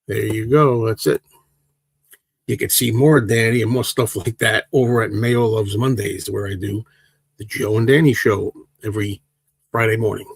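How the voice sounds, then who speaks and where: Older guy in his 60s, gravelly voice, laid-back livestream chat, dry close sound. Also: lowish voice, moderate pace, dry recording. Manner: rambling, relaxed, answers chat questions one by one. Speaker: livestream host. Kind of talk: casual livestream chat reading viewer comments.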